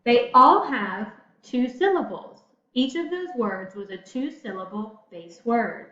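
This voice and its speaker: A woman teacher giving a patient phonics lesson to children, speaking slowly and pausing for answers. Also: a little high, expressive, bright, forceful tone. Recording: echoey room, slightly dull sound.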